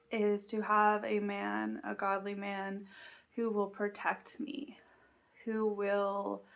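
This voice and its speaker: Slow, gravelly-voiced young woman, earnest. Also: mid-range voice, fairly bright tone, dull audio. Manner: earnest and confessional. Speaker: Christian vlogger. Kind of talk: personal faith reflection to camera.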